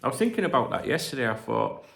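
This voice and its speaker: Gravelly Northern English man, rambling. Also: mid-range voice, big pitch swings, quick pace. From north of England. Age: 40s. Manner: rambling, sweary and jokey. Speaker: channel host. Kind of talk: casual livestream chat. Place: at home.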